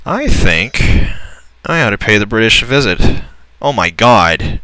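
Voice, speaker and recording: Low, bright-voiced excitable gamer man. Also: a little slow, no echo, low-quality recording. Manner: excitable, swears, laughs at the game. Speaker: gameplay commentator. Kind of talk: casual let's-play commentary.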